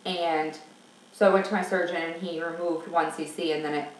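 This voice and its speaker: A woman's voice: lowish voice, steady tone, normal speed, a little hiss or hum. A woman talking frankly and at length in a candid personal vlog. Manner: chatty and frank, rambling. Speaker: vlogger. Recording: roomy sound from a distance.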